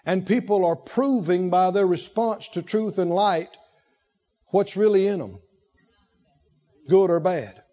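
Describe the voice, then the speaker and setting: A man preaching a sermon with animated, rhythmic repetition and emphatic phrasing. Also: high voice, slow, pauses often, lo-fi sound.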